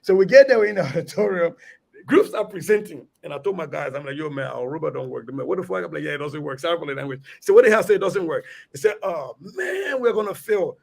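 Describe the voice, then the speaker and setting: A middle-aged man speaks with a Liberian accent, his voice fairly high and gravelly. He tells a story animatedly, stumbling through restarts as he goes. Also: animated, quick pace. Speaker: radio guest. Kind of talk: storytelling in conversation.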